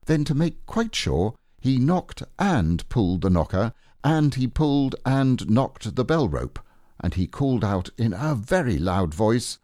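A man reading a classic children's story aloud, slow and expressive. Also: on the low side, no echo, studio quality. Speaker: audiobook narrator.

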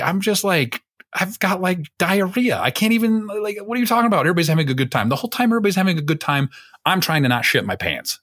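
A man's voice: fairly high pitch, big pitch swings, fast, a bit bright, slightly rough. A man co-hosting a podcast in casual chat, rambling and self-mocking, swearing freely. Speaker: podcast co-host.

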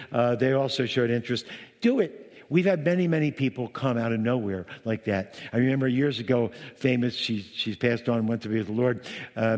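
A man leading a Messianic congregation, giving a sermon in an animated, chatty storytelling manner with frequent restarts. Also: mid-range voice. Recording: long hall reverb.

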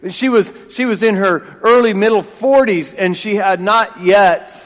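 Forties male pastor, bright-pitched, emphatic and repetitive, loud-to-hushed swings, reverberant sanctuary. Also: unhurried. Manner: emphatic, repeats key phrases, swings between loud and hushed. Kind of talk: sermon. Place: church sanctuary. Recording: long reverb of a church hall.

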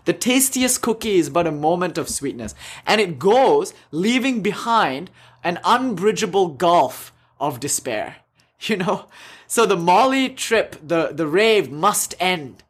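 A young man leads a yoga class in a high-pitched, slightly slow voice with big pitch swings, a bit bright and slightly rough. His spiritual talk is casual and jokey, rambling with fillers, and he laughs often between thoughts.

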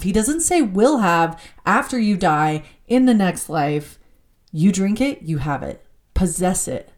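A woman teaching from the Bible in an animated, excitable way, laughing as she reads scripture aloud. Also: lowish voice, moderate pace.

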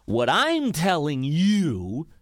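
A man's voice: on the high side, wildly swooping pitch, very slow, dry recording, clean studio sound. A young man hosting a podcast, talking casually in a profane, mock-ranting comedic monologue. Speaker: podcast host.

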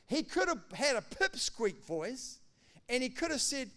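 A male pastor preaching a sermon, animated, acting out quotes and swinging between loud declarations and hushed asides. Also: extremely high pitch, unhurried.

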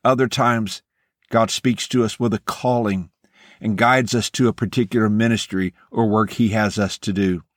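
A man hosting a devotional podcast, speaking in an earnest, measured and encouraging way as he delivers a scripted message. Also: on the low side, fairly even intonation, no echo, studio quality.

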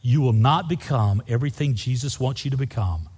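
A man's voice: mid-range voice, brisk, darkish tone, husky. A man preaching a sermon as a pastor, telling folksy stories and speaking straight to the congregation. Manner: folksy storytelling preacher, says y'all. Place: church sanctuary. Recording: long reverb in a large church hall.

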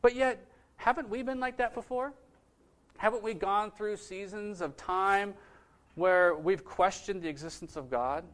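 This man delivers a sermon as if in conversation, questioning the audience as he goes. His voice sits high, a bit bright, and unhurried.

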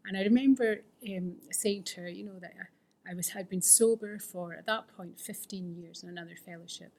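A woman's voice: lowish voice, fairly quick, a little mellow. A woman telling her recovery story to a fellowship, candid and earnest, often sinking to a near-whisper. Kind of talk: personal recovery testimony.

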